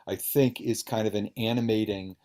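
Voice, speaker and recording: A man with a low, warm voice interviews a fellow author. He speaks earnestly and with emphasis, talking at length. It sounds like a conversation held over a video call. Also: fairly even intonation, normal speed. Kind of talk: book event conversation.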